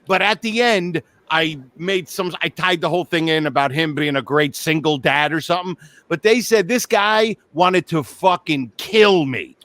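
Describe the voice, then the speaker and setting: A man with a high, bright voice co-hosts a comedy podcast and tells animated, swearing-laden stories. The sound is close and dry, with no room around it. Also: moderate pace, dry recording. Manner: profane, animated storytelling. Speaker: comedian co-host. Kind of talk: casual comedy podcast chat.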